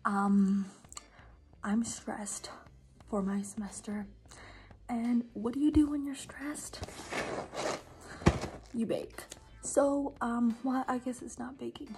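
A woman's voice: on the high side, steady tone, slow, long pauses, background noise. A young woman, a student, chatting in a casual cooking vlog, mostly whispering in her home kitchen late at night. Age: young adult. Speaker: student vlogger.

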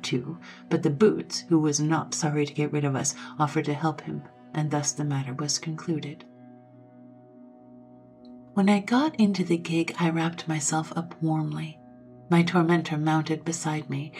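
A woman with a low-set voice reads a ghost story aloud in a dramatic, scripted style. She sometimes drops to a hushed whisper, and soft music plays underneath. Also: fairly even intonation, a little slow.

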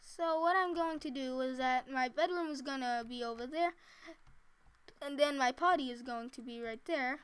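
A woman's voice: high-pitched, normal speed, fairly bright tone, clean tone. A woman casually talking to herself while she plays a building game, chatty and giggly. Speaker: gameplay commentator. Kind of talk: casual let's-play commentary.

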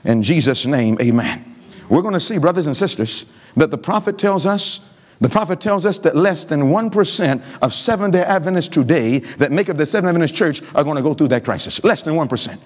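A man preaching a revival sermon in a church. He keeps asking the congregation to finish his sentences, and he swings between loud emphasis and low pleading. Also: animated, brisk. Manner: call-and-response questioning of the congregation. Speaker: pastor. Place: church sanctuary.

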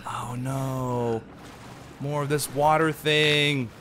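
A man's voice: mid-range voice, fairly even intonation, extremely slow, fairly bright tone, a little hiss or hum. A man in his thirties giving casual, playful gameplay commentary with joking asides. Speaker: let's play host.

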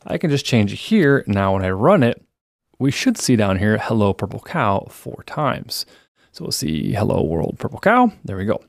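A man teaching a programming lesson in a relaxed, explanatory way, reading the program output aloud as he works through the code. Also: on the low side, normal speed, creaky, dry recording, studio quality. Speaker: programming instructor. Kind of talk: screencast coding lesson.

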